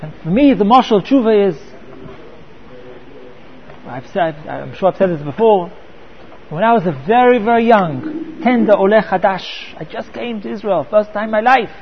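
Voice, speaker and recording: A man's voice: high voice, animated, normal speed, long pauses, highs cut off, a little hiss or hum. A man teaching a Torah class, often repeating words and mixing in Hebrew terms.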